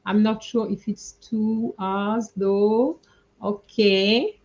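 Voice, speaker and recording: A woman teaching French in an online class, slowly going over a dictation and checking in with "okay?" as she explains. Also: mid-range voice, steady tone, darkish tone, muffled recording. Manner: slow, patient, explains with frequent "okay?" checks.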